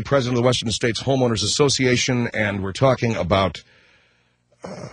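A man's voice: deep voice, fairly bright tone, breathy edge. A man hosting a talk radio show, hesitant and apologetic, stumbling over restarts and fillers.

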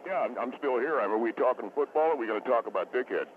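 A man's voice: mid-range voice, lively intonation, rapid-fire. A man from California, a football play-by-play announcer on as a guest, touchy and argumentative. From Corona, California. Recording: tinny phone line with street noise.

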